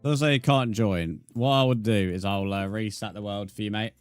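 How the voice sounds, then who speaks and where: A man's voice: on the low side, normal speed, smooth, dry recording, soft background music. A young British man live-streaming a game, chatting casually and answering his viewers' messages. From Britain. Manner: relaxed, reads chat aloud and answers viewers, says "mate". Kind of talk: casual live-stream chat while gaming.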